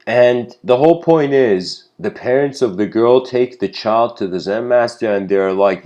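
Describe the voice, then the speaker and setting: A man's voice: medium pitch, unhurried, dark tone, lo-fi sound. A man giving an informal spiritual lecture, telling a story in a loose, rambling way that stops to correct itself and is full of fillers.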